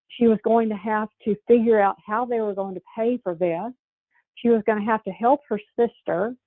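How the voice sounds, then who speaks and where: A woman's voice: mid-range voice, dry recording. A woman in a middle register gives a sales training talk, earnest and plainly conversational. She loops back and restarts her sentences as she tells a client's story. The sound is dry and thin, like a phone line. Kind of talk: training presentation with a personal story.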